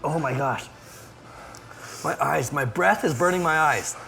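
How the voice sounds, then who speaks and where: A man's voice: fairly high pitch, a little slow, creaky, pushed and bright. A man, a youth pastor, nervously chatting and groaning with pain through a spicy food challenge. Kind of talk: casual on-camera chat and food challenge.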